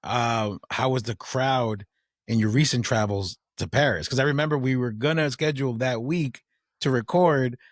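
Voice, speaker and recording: A man co-hosts a podcast and asks questions in a relaxed, slangy way. His voice sits mid-range and sounds close and dry. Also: medium pitch, normal speed, no room sound. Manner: friendly, loose, slang-heavy. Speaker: podcast co-host. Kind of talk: casual interview chat.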